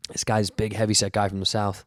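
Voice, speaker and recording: A man's voice: fairly low pitch, dry recording, clean studio sound. A male comedian chatting casually as a podcast guest, rambling and acting out bits. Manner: animated, rambling, acts out bits.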